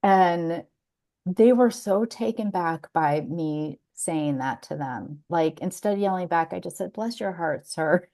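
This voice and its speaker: A woman with a gravelly, slightly low voice co-hosts a podcast in relaxed conversation. She tells stories loosely, laughs often and stops to restart her sentences. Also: a little slow. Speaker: podcast co-host. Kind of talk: casual chat.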